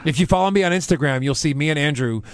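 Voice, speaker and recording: A man's voice: a little high, very fast, clear, resonant tone, no room sound. A man co-hosting a podcast, teasing his friends in an upbeat, chatty way. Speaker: podcast co-host. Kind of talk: casual podcast banter.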